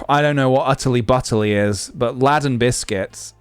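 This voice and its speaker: A man's voice: mid-range voice, moderate pace, clean tone, no room sound, soft background music. A young man live-streaming, chatting casually and thinking aloud with lots of fillers as he goes.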